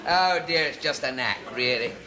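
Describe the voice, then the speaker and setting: A man's voice: mid-range voice, moderate pace, background noise, close to an everyday voice. An actor playing a fussy, chatty pub landlord in a 1970s sitcom, chattering and laughing at his own jokes. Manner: chattering, giggling, self-amused. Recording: studio audience laughter.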